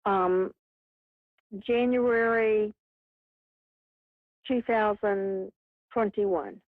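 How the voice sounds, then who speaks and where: A woman caller answering questions during a psychic reading, speaking in a measured, deliberate way. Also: mid-range voice, steady tone, dry recording. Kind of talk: phone-in conversation. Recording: tinny phone line.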